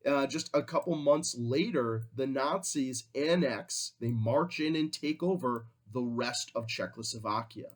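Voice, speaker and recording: A man's voice: mid-range voice, measured pace, few pauses. A man teaching a history class in a conversational way, often acting out quotes in different voices. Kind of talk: classroom lecture.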